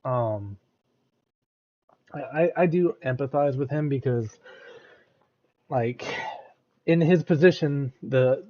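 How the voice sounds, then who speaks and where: A man's voice: mid-range voice, slow, pauses often, warm tone, lo-fi sound. An American man giving casual reaction commentary, often restarting and repeating words as he thinks aloud. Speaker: reaction streamer.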